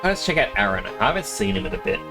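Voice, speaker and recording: A young Australian man chatting on a live stream, his voice rising and falling a great deal as he rambles and laughs between thoughts. His accent is a loose Australian mix, and game music plays clearly underneath him. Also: mid-range voice, very animated, quick pace, low-quality recording. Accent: Australian, mixed. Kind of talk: casual live-stream chat.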